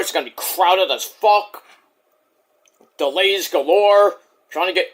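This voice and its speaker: A man's voice: high voice, a bit bright. A man giving a brash, boastful, rambling spiel to open his own channel's video. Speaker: YouTuber.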